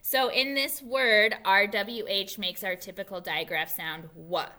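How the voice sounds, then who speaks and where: A woman teaching a phonics lesson to young children, slowly sounding out letters and often checking in with "okay?". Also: mid-range voice, steady tone, pushed and bright.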